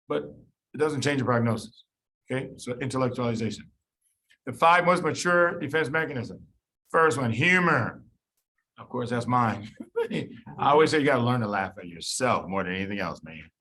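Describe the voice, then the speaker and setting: A man's voice: medium pitch, lively intonation, moderate pace, pushed and bright. A man from the south side of Chicago giving a casual medical lecture, talking conversationally and acting out the people he tells stories about. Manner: conversational, storytelling, acts out quoted people.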